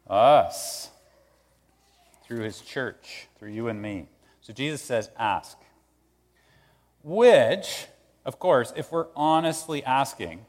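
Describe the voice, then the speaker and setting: Conversational male pastor in a reverberant hall. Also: mid-range voice. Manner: conversational, animated, acts out quoted voices. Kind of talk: sermon.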